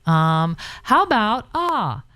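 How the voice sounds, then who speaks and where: A woman speaking as a radio guest in a chatty, self-mocking way, with plenty of stumbles and restarts. Her voice sits at an ordinary middle pitch. The studio sound is dry and close. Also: very animated, slow pace, bright, forceful tone, no echo. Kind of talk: casual radio chat.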